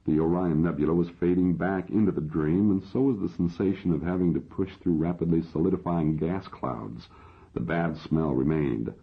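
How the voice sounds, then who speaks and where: A man narrating a science fiction audiobook in the first person, in measured storytelling. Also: deep voice, vocal fry, husky. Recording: dull lo-fi audio.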